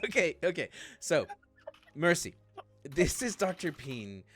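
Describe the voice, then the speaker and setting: A man running a tabletop game on a live stream, laughing as he tries to rein in his players. His pitch swings up and down a lot as he talks. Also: big pitch swings, measured pace, a bit bright, soft background music. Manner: laughing, trying to keep order. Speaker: game master.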